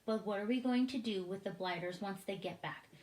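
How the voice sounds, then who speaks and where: A woman's voice: medium pitch, fairly quick, darkish tone, natural voice. Brief: blustering, short-fused army general man, read by a woman, storybook, echoey room. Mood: indignant. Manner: indignant, snapping. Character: blustering male army general, hot-tempered. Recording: roomy echoing room.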